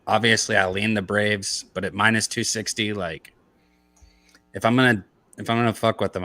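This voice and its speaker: A man's voice: fairly low pitch, sharp tone. A man co-hosting a casual sports betting show, blunt and swearing, with hesitant fillers. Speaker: co-host. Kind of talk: casual podcast chat.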